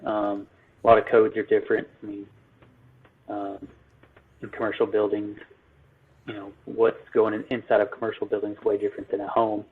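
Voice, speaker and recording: A man, an electrical business owner, answering interview questions in a halting way full of ums and restarts. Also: fairly low pitch, completely flat delivery, a little hiss or hum. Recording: phone-like narrow line.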